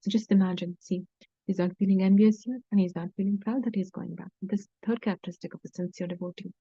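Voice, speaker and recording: Dark, husky woman telling devotional stories. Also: mid-range voice, fairly even intonation, fast talker, no echo, dull audio. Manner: earnest, with frequent fillers and restarts. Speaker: devotional speaker. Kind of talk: devotional talk retelling scripture stories.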